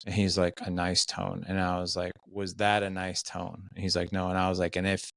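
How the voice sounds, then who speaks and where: A man's voice: low-pitched, completely flat delivery, quick pace, vocal fry, no room sound, clean studio sound. A man as a podcast guest, telling stories in casual conversation and voicing the quoted dialogue. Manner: storytelling, voices quoted dialogue.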